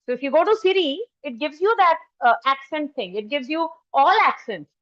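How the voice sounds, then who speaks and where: Indian English woman trainer, high voice, chatty storytelling lecture, muffled lo-fi sound. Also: big pitch swings, moderate pace, a bit bright. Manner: storytelling, switches into Hindi, addresses the audience directly. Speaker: faculty trainer. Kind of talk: anecdotal lecture. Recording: dull lo-fi recording.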